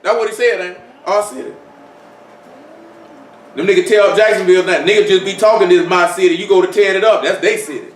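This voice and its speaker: A man's voice: sits high, fairly quick, long pauses, a little hiss or hum. A man preaching an informal sermon, talking conversationally with many rhetorical questions and repeated phrases. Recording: echoey room, mic far off.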